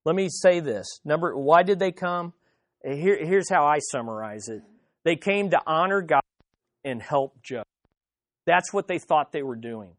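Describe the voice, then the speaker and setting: In clean studio sound with no echo, a pastor with a slightly high voice preaches a little slowly and with lively intonation. He talks directly to his listeners, stressing and repeating key lines while moving between loud and hushed tones.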